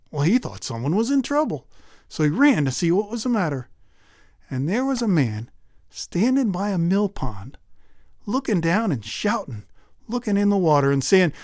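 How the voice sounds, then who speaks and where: A man telling a folk tale in a folksy, animated way. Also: sits high, moderate pace, pauses often, no echo, clean studio sound. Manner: folksy, animated, lively voices. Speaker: storyteller.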